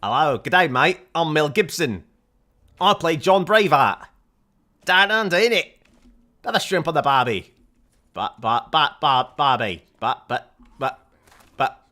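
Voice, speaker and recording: A man doing a loud, mocking impression of an Australian-style male movie star, stammering for laughs. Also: on the high side, big pitch swings, measured pace, long pauses, voice pushed up, full character voice.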